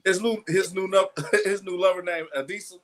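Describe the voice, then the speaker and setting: A man's voice: high-pitched, steady tone, brisk, a bit bright. A man co-hosting a podcast, teasing and heckling in casual banter.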